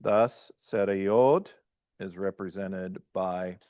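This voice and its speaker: A man who is a pastor, teaching a class in a halting lecture style and often checking in with "right?" and "okay?". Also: sits low, warm tone, no room sound. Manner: halting, restarts mid-phrase.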